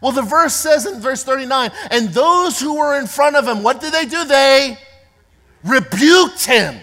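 A woman pastor delivers a sermon, slow and emphatic, repeating her points and building to shouts. Her voice is bright and swings widely in pitch. It rings with the long reverb of a large church hall. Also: expressive.

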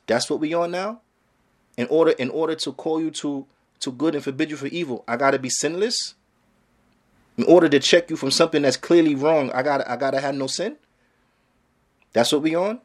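A man giving a religious lecture as an Islamic teacher, emphatic and casual in phrasing, firing off rhetorical questions. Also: on the high side.

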